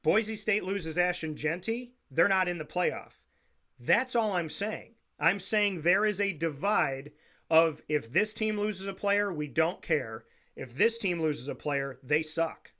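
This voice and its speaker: A man's voice: on the high side, lively intonation, slow, bright, forceful tone. A man co-hosting a sports talk show, insistently repeating his point in a heated debate.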